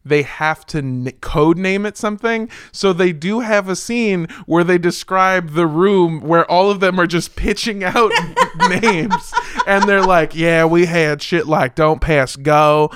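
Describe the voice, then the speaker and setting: A man co-hosting a casual podcast, reading sponsor shout-outs in a jokey, rambling way and laughing often. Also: high-pitched, big pitch swings, unhurried, smooth. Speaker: podcast co-host.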